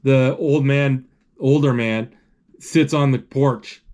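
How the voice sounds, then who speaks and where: In a steady, darkish, medium-pitched voice, a man calls out what's happening in a film as it plays. The commentary comes haltingly, with frequent fillers and restarted sentences while he gropes for words.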